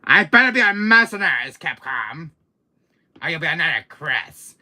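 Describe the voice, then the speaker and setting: A man's voice: lowish voice, sing-song, a little slow, sharp tone, slightly rough, exaggerated voice. A man playing a vain, menacing male game villain who boasts, curses and slips into whispers during a live stream. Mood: arrogant. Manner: boastful, cursing, drops into whispers. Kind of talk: in-character live stream, toy pick-up.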